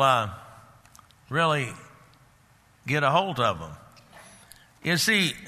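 An older man preaching a sermon as a pastor, folksy and unhurried, often restarting his sentences. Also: on the high side, bright, forceful tone, in a large hall. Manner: folksy, halting with restarts and fillers.

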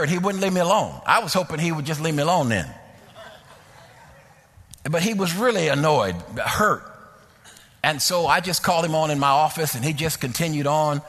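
A man preaching a sermon through personal stories, animated and repetitive, climbing to near-shouts. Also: on the high side, normal speed, pauses often, in a large hall.

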